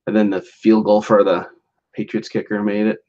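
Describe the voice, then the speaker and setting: A man's voice: on the low side, flat delivery, normal speed, a little mellow, highs cut off. A man hosting a casual solo podcast, rambling loosely with lots of fillers, restarts and chuckles. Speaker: podcast host.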